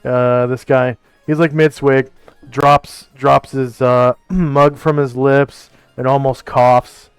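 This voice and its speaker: A man narrates a tabletop game at a slow, easy pace, his voice smooth and even as he thinks out loud with little fillers. The sound is close and dry, with soft music faintly underneath. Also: mid-range voice, no echo. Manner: relaxed, thinking aloud with fillers. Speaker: game master.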